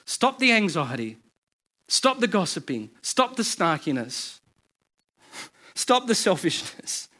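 A man, a pastor in his thirties, preaching a sermon in a conversational, storytelling way with quick asides and restarts. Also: high-pitched, sing-song, pushed and bright.

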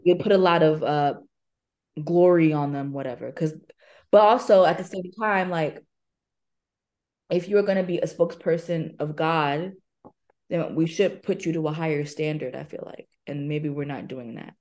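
Hesitant lower-voiced young woman. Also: moderate pace, a little mellow. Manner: hesitant, many fillers, thinks aloud. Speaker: podcast co-host. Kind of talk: casual chat.

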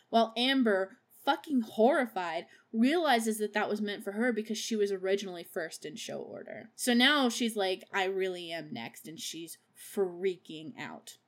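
A woman at a mid-range pitch hosts a podcast and recaps a film scene by scene in loose, casual chat. She swears freely and breaks into giggles, gushing about favorite characters. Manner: profane and laughs often. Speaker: podcast host.

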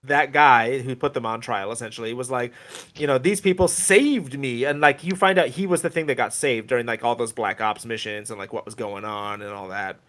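Slightly fast and a bit bright, this medium-pitched male voice keeps a steady tone. He's one of a podcast's co-hosts, loosely recounting a cartoon episode in a casual conversation full of filler words.

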